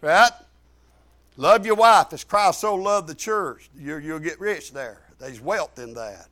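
A male pastor preaching a sermon in a folksy way, swinging between shouted lines and low asides. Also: slow pace. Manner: folksy, rising to shouts then dropping low.

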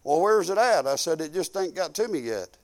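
A man's voice: on the high side, sing-song, brisk. An older man preaching a sermon, emphatic and repetitive, telling folksy stories with quoted dialogue.

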